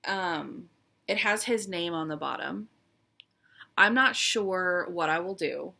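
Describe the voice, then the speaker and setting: A woman's voice: on the low side, slow, creaky, bright, forceful tone. A woman chatting casually as she shows her stitching projects, fond and a little wistful, with frequent "um"s. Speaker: cross-stitch vlogger. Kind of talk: casual show-and-tell chat.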